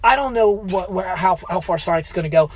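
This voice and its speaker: A man's voice: sits high, a little fast, slight background noise. A man in his forties, a health vlogger, telling a story in a rambling, casual way with many restarts. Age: 40s. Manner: rambling, retells conversations with frequent restarts. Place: at or near a gym.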